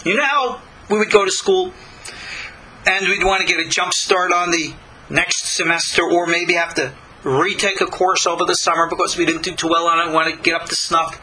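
An older man from Long Island, giving a slow, deliberate spiritual lecture with many pauses. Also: high-pitched, pushed and bright, a little hiss or hum, rough recording. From Long Island, New York. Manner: slow, deliberate, pausing between phrases. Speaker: spiritual teacher.

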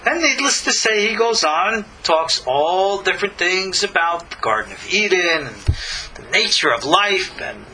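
A man giving a lively recorded Torah class, animated, with folksy asides and rhetorical questions. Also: high-pitched, normal speed, slight background noise, low-quality recording. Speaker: Torah teacher.

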